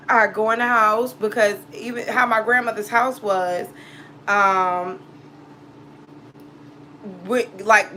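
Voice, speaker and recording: A woman's voice: fairly high pitch, bright, forceful tone, slight background noise, low-quality recording. A woman, hosting a casual storytime vlog. She speaks bluntly and profanely and acts out both sides of every conversation. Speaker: tarot reader and channel host.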